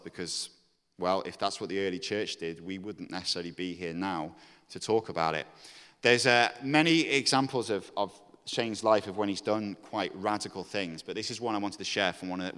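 A man preaching a sermon. He reads scripture aloud, then talks in a casual, animated way with fillers and restarts. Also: lowish voice. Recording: long hall reverb.

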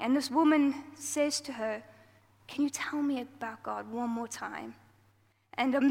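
A woman's voice: on the high side, vocal fry. A woman giving an informal talk at church, chatty and self-deprecating, acting out quoted lines as she goes. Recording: long hall reverb.

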